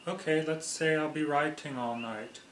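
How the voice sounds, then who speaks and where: A man's voice: a little high, fairly even intonation, moderate pace, a little hiss or hum, lightly acted. Man reading a playful quirky man, easygoing, echoey room. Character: quirky man writing and eating ice cream.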